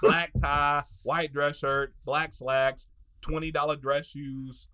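A man on a casual podcast, telling profane stories loudly and laughing through them. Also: a little high, level tone, takes it slowly, clean tone. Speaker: podcast co-host. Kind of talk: casual storytelling chat.

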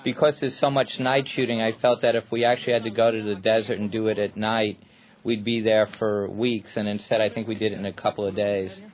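A man's voice: on the low side, flat delivery, a little fast, lo-fi sound. Man explaining shots on a film commentary. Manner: explanatory, storytelling, talks through the shots. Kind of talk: anecdotal commentary.

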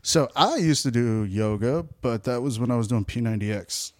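Young male co-host, mid-pitched, casual and teasing, slight hiss in the recording. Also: animated, moderate pace, a little mellow. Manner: easygoing, teasing, laughs along. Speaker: podcast co-host. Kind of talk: casual chat.

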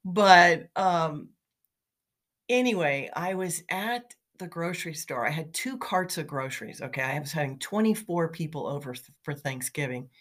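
A woman's voice: low-pitched, expressive, normal speed, a bit bright. A middle-aged woman talking in a chatty, motivational way, telling anecdotes with fillers and light laughs. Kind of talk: casual motivational storytelling.

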